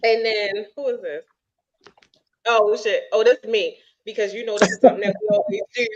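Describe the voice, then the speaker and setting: Woman hosting a stream and reading chat, laughing a lot, muffled low-fi sound. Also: animated, brisk, darkish tone. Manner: laughing, chatty, reads viewer comments aloud. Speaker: host. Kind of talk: casual live-stream chat. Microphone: streaming setup. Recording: dull lo-fi stream audio.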